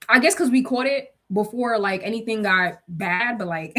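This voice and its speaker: A woman's voice: a little high, normal speed, few pauses. A young woman telling her viewers a workplace story in a casual, gossipy way, acting out what everyone said. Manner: gossipy, animated retelling with quoted dialogue and bursts of laughter.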